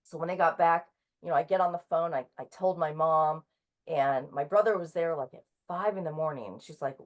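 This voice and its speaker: Soft-spoken woman with lots of ums. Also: low-pitched. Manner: halting, lots of ums and restarts. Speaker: author and guest. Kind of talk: casual interview conversation.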